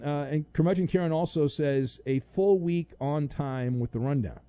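A man's voice: a little high, moderate pace, few pauses, clear, resonant tone, dry recording. A man hosting a sports talk show, loose and jokey, reading listener messages and taking calls. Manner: loose, jokey, bursts into loud mock outrage.

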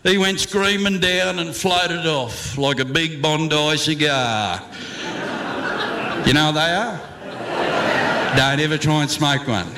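A man's voice: a little high, slow, long pauses, very noisy. A man performing a comic slang verse, with a theatrical, swooping delivery and chuckles.

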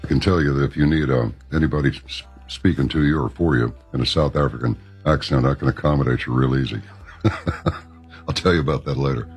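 A man hosting a radio talk show, easygoing and relaxed. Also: a bass voice, brisk, breathy edge, soft background music. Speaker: radio host.

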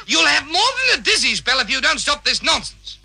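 A man's voice: extremely high pitch, very animated, brisk, creaky, bright, forceful tone, no echo, exaggerated voice. A man playing a pompous, easily rattled schoolteacher in a radio comedy, stammering when he gets flustered. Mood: exasperated. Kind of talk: 1940s radio comedy acting.

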